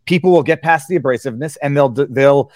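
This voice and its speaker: Fast-talking, stammering male host. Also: mid-range voice, a little mellow. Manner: stammering, halting, gets interrupted. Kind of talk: live interview hosting.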